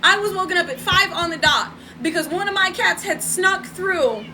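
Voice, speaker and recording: A woman's voice: very high voice, expressive, normal speed, sharp tone, slight background noise, low-quality recording. A woman telling a story in a casual live stream from home, chatty, laughing and talking to her viewers. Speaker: spiritual vlogger. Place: home room.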